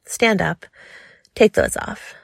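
A woman voicing a commanding, teasing woman in charge, giving soft orders in a low, unhurried way. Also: huge pitch swings, creaky, dry recording, clean studio sound, full character voice.

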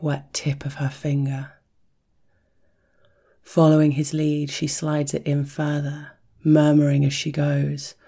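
Mellow, breathy narrator for an erotic audio story; soft whispered delivery, even and unhurried. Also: medium pitch. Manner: soft, hushed, rhythmic delivery that drops into whispers. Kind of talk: slow intimate erotic story reading.

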